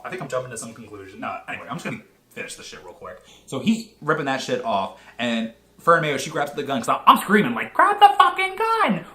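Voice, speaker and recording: A man rattles through a casual movie review in a bright, forceful voice, animated and swearing freely. He talks fast and with a lot of energy, never slowing into a formal tone. The sound is roomy, with a clear echo from the space around him. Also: mid-range voice. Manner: animated and heavily profane, talking fast. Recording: echoey room.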